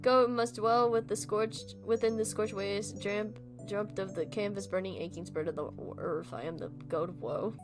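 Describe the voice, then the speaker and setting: A woman's voice: medium pitch, steady tone, moderate pace, few pauses, over music, natural voice. A woman voicing a mournful, melodramatic goat who speaks in grand, old-fashioned laments. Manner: archaic, theatrical wailing delivery.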